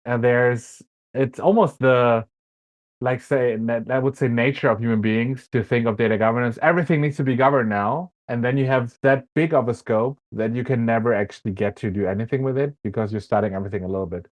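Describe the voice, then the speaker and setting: A man with a German accent talks as a guest in a relaxed interview. He weighs his words, pausing with fillers as he explains his views, and his voice sits at a middling pitch. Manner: thoughtful, hesitant with fillers. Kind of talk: casual interview chat.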